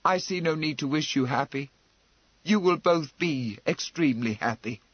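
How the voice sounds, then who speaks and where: A man's voice: on the high side, animated, normal speed, breathy edge, dry recording, highs cut off. A man reading a proud, derisive marquess who speaks in an abrupt, commanding and mocking way.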